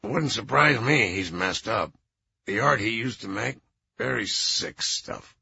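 A man voicing a sardonic old music producer with a low, congested voice, on a slightly dull recording. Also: animated, unhurried, vocal fry, pushed and bright, husky, dry recording, full character voice. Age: older. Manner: sardonic, scornful.

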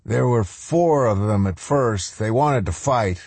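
A man's voice: mid-range voice, lively intonation, a little slow, a little mellow, breathy edge, no echo, pitched above the performer's own voice. A man voicing a disfigured, cruel male soldier who reports in short, clipped lines. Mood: reporting.

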